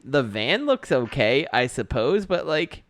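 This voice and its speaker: A man's voice: mid-range voice, sing-song, unhurried, fairly bright tone, no room sound. A man co-hosting a podcast, rambling and hesitant, with casual swearing. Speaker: podcast co-host. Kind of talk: casual chat about toys.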